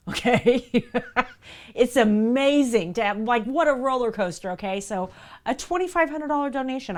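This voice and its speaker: A woman streams live and chats casually with her audience. She tells her story with animation and keeps addressing the viewers directly, at an ordinary middle pitch. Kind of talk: casual chat.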